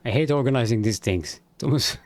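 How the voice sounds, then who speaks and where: A man's voice: mid-range voice, quick pace, darkish tone. A man streaming a factory game, thinking aloud in a loose, rambling way and swearing now and then. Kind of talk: casual gameplay commentary.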